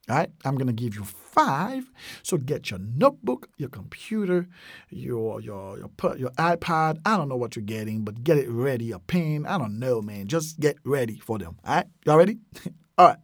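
On a podcast, a man casually teaches useful phrases, repeating each one and leaning on plenty of fillers. His voice sits fairly high and is very animated at a normal speed, captured as a dry, clean studio recording.

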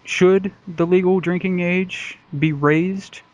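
A man hosts a comedy podcast in casual, crude banter. His voice sits a little high, and he steers the talk with jokey, pointed questions. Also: fairly even intonation, takes it slowly, highs cut off. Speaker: podcast host.

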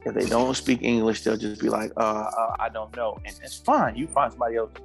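Gravelly-voiced man telling a funny story. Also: fairly low pitch, fairly quick, faint music behind. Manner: animated, laughing, acts out quotes, swears freely. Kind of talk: casual storytelling chat.

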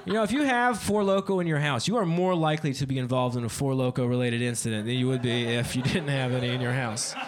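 A man's voice: medium pitch, quick pace, hardly any pauses, background noise. A young man doing a stand-up comedy set on a club stage, swearing freely and laughing at his own jokes.

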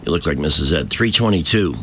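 Deep, bright-toned sarcastic radio host man. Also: animated, quick pace, a little hiss or hum. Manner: combative, sarcastic, mocking. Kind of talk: opinionated talk radio commentary. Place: radio studio.

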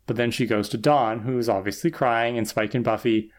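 A man's voice: mid-range voice, fairly even intonation, moderate pace. A man co-hosting a podcast, retelling episode plot in a wry, casual way. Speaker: podcast co-host. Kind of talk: casual recap chat.

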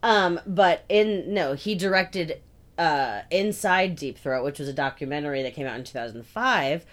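A woman's voice: low-pitched, moderate pace. A young woman co-hosting a podcast, telling stories casually with many fillers. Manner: relaxed, filler-heavy storytelling, lots of "like" and "um". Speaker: podcast co-host. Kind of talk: casual chat.

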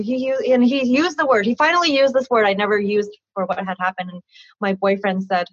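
This woman in her thirties, appearing as an interview guest, talks about her life frankly and vividly, often breaking into laughter and voicing the people in her conversations. She has a slightly rough mid-range voice and a brisk delivery. The audio is dull, dry lo-fi without echo.

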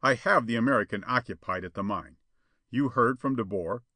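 A man's voice: mid-range voice, normal speed, no echo, close to an everyday voice. A man doing a harsh, domineering father. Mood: commanding. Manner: loud and commanding. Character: harsh, domineering middle-aged father and schemer.

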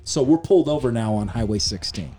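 A middle-aged man co-hosting a podcast, telling a story in a lively, casual way and cursing freely. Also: mid-range voice, fairly quick, soft background music. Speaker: podcast co-host.

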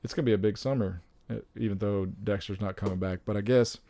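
Excitable young man with a gravelly voice. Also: lowish voice, quick pace. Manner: excitable, rambling, with frequent exclamations. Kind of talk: casual chat about upcoming movies.

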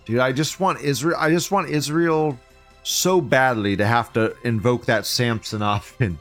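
A man's voice: medium pitch, a little slow, fairly bright tone, soft background music. A man hosting a live show, reading chat aloud and ranting in a profane, sarcastic way. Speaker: livestream show host.

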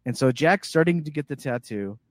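A man telling a story in casual chat as a guest, animated and acting out the voices of the people in it. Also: on the high side, fairly quick, no echo, clean studio sound. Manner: animated, acts out quoted voices.

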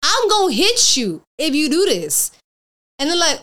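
High, lively woman telling stories. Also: measured pace. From Cuban family background. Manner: animated storyteller, acting out quotes, laughing often. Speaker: podcast guest. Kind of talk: casual chat.

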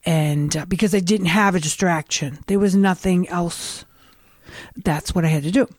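Middle-aged new england lady rambling thru her stories, kinda low voice, dry sound. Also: moderate pace, no echo. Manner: rambling, candid storytelling with restarts. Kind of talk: casual conversation.

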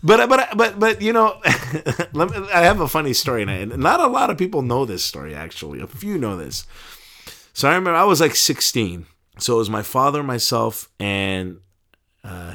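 A middle-aged man telling stories in a casual interview, a little low-pitched in his ordinary talk. He stumbles over his words, laughs, and his voice jumps up high whenever he gets excited. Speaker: interview guest, deacon and pharmacist.

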